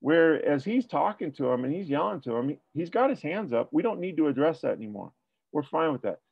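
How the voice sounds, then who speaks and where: A man's voice: fairly high pitch, sing-song, a little fast, creaky, breathy edge, no echo, highs cut off. A man working as a police tactics trainer, talking through a debrief and asking rhetorical questions. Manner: explanatory, asks rhetorical questions.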